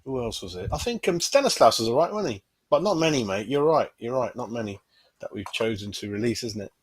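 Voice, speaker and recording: A man's voice: medium pitch, lively intonation, fairly quick, slight background noise. A man hosting a fan channel, chatting casually on a livestream, constantly saying "mate" and tossing in tag questions.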